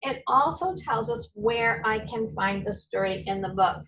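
A woman's voice: a little high, fairly bright tone, distant mic, poor audio. A woman teacher giving a patient, step-by-step reading lesson to young children. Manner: patient, slow, step-by-step explaining.

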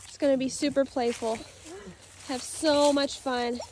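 A woman's voice: high voice, flat delivery, measured pace, darkish tone, a little hiss or hum. A young woman dog breeder cooing at a puppy in sing-song baby talk.

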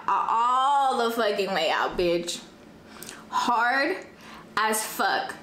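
A young woman, telling a dramatic storytime in casual chat, profane and animated, dropping in Spanish phrases. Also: fairly high pitch, extremely slow, a little hiss or hum. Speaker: vlogger. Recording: echoey room, faint ambience.

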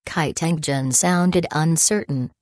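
A woman narrating an audiobook in an even, unhurried reading voice. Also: low-pitched, no echo, clean studio sound. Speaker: audiobook reader. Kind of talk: scripted narration.

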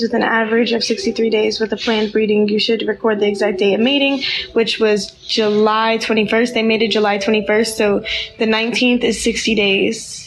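A woman talks casually to her viewers, and her voice sits a little high. She chats and coos at her pregnant dog as she keeps checking its temperature. The phone recording is echoey, with loud background noise throughout. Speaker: livestreamer. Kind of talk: casual livestream chat.

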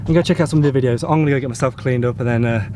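A young man with a British accent, chatting excitedly as he vlogs at outdoor dirt jumps. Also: medium pitch, very fast. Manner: excitable, chatty, exclaiming often. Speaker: vlogger. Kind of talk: casual vlog chat. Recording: outdoor noise, nearby traffic.

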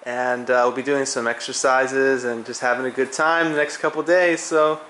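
A man's voice: mid-range voice, fairly even intonation, moderate pace, a bit bright, a little hiss or hum. A man from Texas hosting a casual travel vlog, encouraging his friends to talk to the camera. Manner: encouraging, asks others to speak. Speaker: vlogger.

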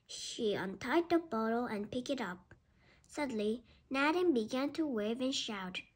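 A woman reading a children's book aloud, slowly and carefully. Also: a little high, expressive, breathy edge. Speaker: storybook reader.

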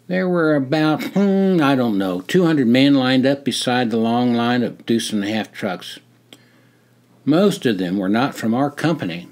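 An older man reading his own memoir aloud in a measured storytelling way. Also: medium pitch, a little mellow. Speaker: memoir narrator.

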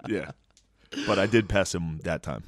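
A young man co-hosting a podcast, telling stories in casual chat and acting out quotes in high voices. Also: a little slow, no echo, clean studio sound. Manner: animated storytelling, acts out quotes in high voices. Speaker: podcast co-host.

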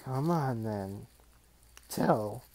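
A man's voice: medium pitch, expressive, darkish tone, slight background noise. Ezekiel, a man voicing a wheezing ancient. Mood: impatient. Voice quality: croaking, wheezy. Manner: impatient, drawn-out. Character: ancient wheezing old man, impatient and greedy.

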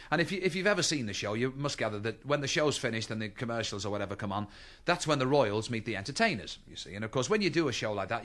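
A middle-aged man doing stand-up, telling chatty anecdotes on stage and acting out the people in them. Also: mid-range voice. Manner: chatty anecdotes, acts out voices, lively. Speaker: stand-up comedian. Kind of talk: stand-up storytelling. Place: stage with live audience laughter.

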